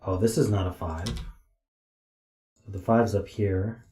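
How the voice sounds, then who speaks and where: A tired man streams himself puzzling, with a deep, dark voice that mutters and counts digits half to himself. His voice sits in a roomy, echoey home room. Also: steady tone, slow. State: tired, yawning. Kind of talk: thinking aloud while solving.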